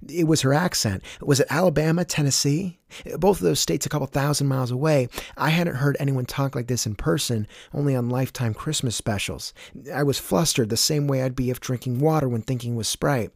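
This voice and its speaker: A young man telling a personal story in a wry, deadpan way. His voice sits in an ordinary middle pitch. The recording is dry and close, with no room sound. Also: brisk, vocal fry, no room sound. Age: young adult.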